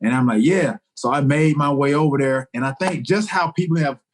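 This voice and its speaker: A man co-hosting a podcast, telling stories in a relaxed, rambling way with lots of fillers. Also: mid-range voice, fairly quick. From United States. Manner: relaxed storytelling with many fillers. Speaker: podcast co-host. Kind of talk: casual chat.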